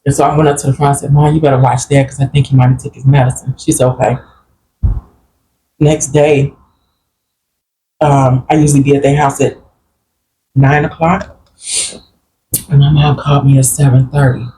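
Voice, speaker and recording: Woman guest, plain-spoken and earnest, recounting family memories; deep voice with faint hiss behind. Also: flat delivery, normal speed, pauses often, dark tone, low-quality recording. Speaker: guest sharing a grief story. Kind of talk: personal storytelling in a group conversation.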